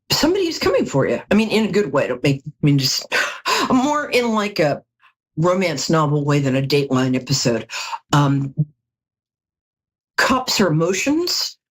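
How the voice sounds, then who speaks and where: Woman tarot reader, middle-aged, lowish husky voice, animated call-in host. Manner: chatty and animated, jokey storytelling asides. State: tired from lack of sleep. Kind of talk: live call-in show tarot reading.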